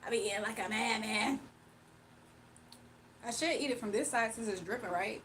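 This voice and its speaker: A high-pitched woman chats casually on a livestream while she eats, laughing often and talking through mouthfuls. She sits a little back from the mic, and a faint hiss runs under her voice. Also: moderate pace, fairly bright tone, far from the mic. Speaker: livestream host reading chat.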